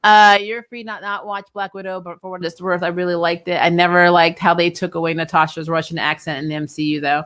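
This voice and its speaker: A chatty young woman with a fairly low voice runs a casual live-stream, answering viewers in loose, rambling sentences. She laughs often and leaves thoughts half-finished. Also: little pitch movement, a little fast, few pauses, fairly bright tone. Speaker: host of a TV review channel. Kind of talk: casual live-stream chat reading comments.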